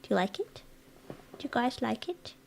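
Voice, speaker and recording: An American woman streams live while working on a design, chatting and teasing her viewers playfully with rambling asides to chat. Her voice is fairly high, sing-song and creaky, with a darkish tone at normal speed.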